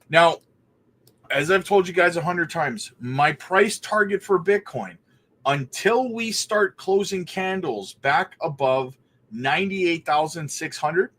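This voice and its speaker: A man's voice: on the high side, fairly bright tone. Upbeat man hosting a crypto live stream. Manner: upbeat, greets chatters by name, calls them buddy and brother. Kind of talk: casual live stream chart talk.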